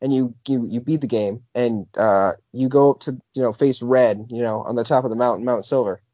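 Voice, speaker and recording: A man's voice: mid-range voice, fairly quick, dark tone, dry recording. Rambling young man on a podcast. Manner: rambling, full of "like" and restarts. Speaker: podcast co-host. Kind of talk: casual chat. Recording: dull lo-fi podcast audio.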